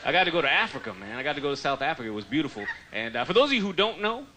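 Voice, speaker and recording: A man doing a stand-up comedy set on stage, animated, swinging between loud punchlines and low asides. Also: rapid-fire, a little hiss or hum. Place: comedy stage before a live audience. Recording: live stand-up with very loud crowd laughter. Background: loud audience laughter.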